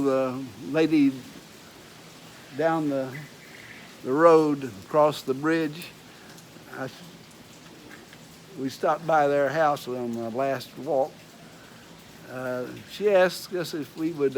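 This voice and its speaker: A man's voice: fairly high pitch, slight background noise, low-quality recording. A man from Texas with a Texas accent, chatting casually and rambling folksily to his vlog viewers. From Texas, USA. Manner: rambling, folksy, many fillers and restarts. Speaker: vlogger. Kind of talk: casual chat. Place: outdoors at home in the rain.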